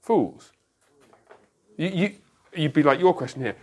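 A man teaching an interactive Bible study, asking the group questions and explaining with quick asides. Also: on the high side, expressive, breathy edge.

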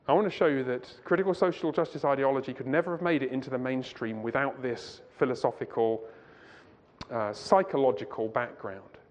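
A man's voice: medium pitch, long reverb tail. Man lecturing a church audience. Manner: conversational, asks the audience rhetorical questions, digresses. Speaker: Christian conference speaker. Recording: muffled lo-fi recording.

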